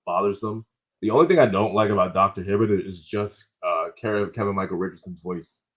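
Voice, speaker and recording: A man's voice: deep voice, brisk, fairly bright tone. A man, a comedian guest on a podcast, telling rambling stories in casual chat and correcting himself as he goes. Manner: rambling anecdotal storytelling with self-corrections.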